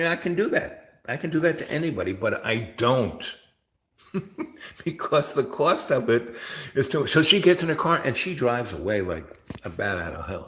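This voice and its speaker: A man's voice: mid-range voice, a bit bright, roomy sound, low-quality recording. A man hosting a rambling, chatty monologue and telling stories. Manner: chatty, storytelling, mimics others in raised voice. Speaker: host.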